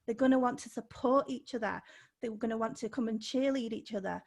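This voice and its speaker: A fairly high-voiced woman speaks off the cuff as a podcast guest. She coaches business owners and sounds upbeat. She laughs between points and leans hard on the words she wants to stress. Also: a little fast. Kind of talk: unscripted podcast interview.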